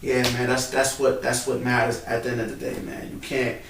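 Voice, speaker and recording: A man's voice: medium pitch, flat delivery, fairly quick, fairly bright tone. A man in casual, emotional chat, peppering his talk with "bro" and "man", recorded in a church building. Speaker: co-host. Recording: roomy, distant mic, faint background noise.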